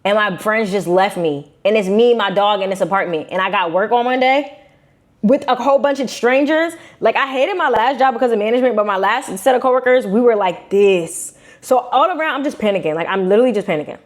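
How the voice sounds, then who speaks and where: A young woman from Brooklyn with a New York accent, telling a personal story to her viewers in a casual, animated, slangy way. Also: mid-range voice, a little fast. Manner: animated, slangy, acts out quotes in shifting voices. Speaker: vlogger.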